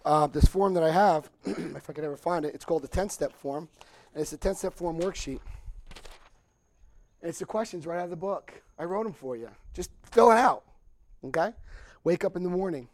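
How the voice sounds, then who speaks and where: A middle-aged man telling a lively personal recovery story to a group, acting out voices and laughing often. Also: a little high, normal speed. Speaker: recovery speaker.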